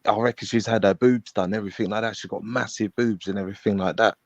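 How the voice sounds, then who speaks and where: Man, low voice, meandering street-slang storyteller, dull dry stream audio. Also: fairly even intonation, quick pace, no echo. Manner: rambling, street slang, acts out quoted dialogue. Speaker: panel guest. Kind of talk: casual storytelling on a live panel.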